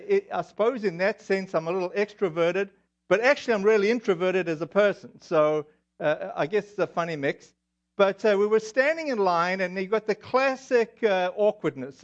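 South african guy preaching, high voice, lots of uh and you know, muffled lo-fi sound. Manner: chatty, self-deprecating, many fillers. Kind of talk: sermon with personal stories. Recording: dull lo-fi audio.

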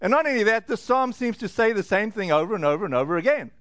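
A man with a high-pitched voice preaching a sermon in an easy, joking manner. He drops in frequent fillers and slows down on key words. The sound is dry and close, with no room echo. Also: animated, fairly bright tone. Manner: conversational and joking, with frequent fillers and slowed emphasis. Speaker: pastor.

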